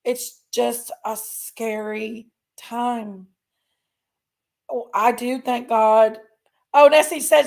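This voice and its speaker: Woman, livestream host, gravelly fry, folksy rambling delivery. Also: fairly high pitch, steady tone, slow pace, a little mellow. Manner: rambling, folksy, talks to chat. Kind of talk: casual livestream chat.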